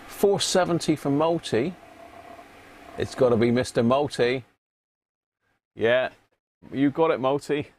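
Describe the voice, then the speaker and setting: A man with a higher, slightly mellow voice hosts a live stream while repairing electronics, with a little hiss or hum in the audio. He chats casually to viewers by name and mutters to himself as he works.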